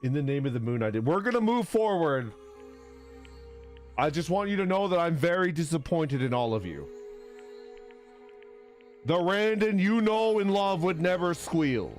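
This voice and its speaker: A man talks casually on a live game stream, joking and teasing his chat. His voice sits a little high and swings around a lot as he talks. Faint game music plays underneath. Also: animated, normal speed, long pauses, a little mellow. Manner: playful and teasing, bursts into high squeaks and laughter.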